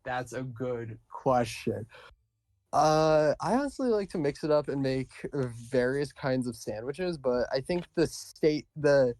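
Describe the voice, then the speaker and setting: A man's voice: medium pitch, a little mellow, no room sound. A man chatting as a guest on a casual stream, easygoing and self-deprecating.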